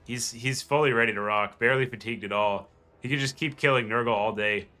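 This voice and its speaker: A man's voice: medium pitch, fairly even intonation, fast talker, sharp tone. A man casting a strategy game match in a casual, rambling way, with a nasal voice and lots of fillers and restarts. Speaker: game commentator. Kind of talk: casual gameplay commentary.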